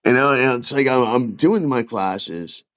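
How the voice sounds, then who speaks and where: A man venting about his care as a veteran, agitated and halting, restarting and swearing often. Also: mid-range voice, lively intonation, fairly bright tone. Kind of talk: casual emotional chat. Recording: dull lo-fi sound.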